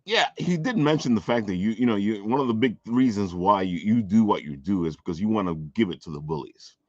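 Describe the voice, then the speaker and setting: A man's voice: on the low side, lively intonation, a little fast, a little mellow, dry recording. A man hosting a casual talk show, playful and prone to stammering and laughing. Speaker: host. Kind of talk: casual chat. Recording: dull, dry lo-fi sound.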